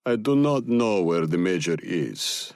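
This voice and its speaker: A man voicing a guarded Russian special forces officer with a Russian accent, curt and measured. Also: sits low, expressive, vocal fry, darkish tone, no echo, clean studio sound, heavily acted.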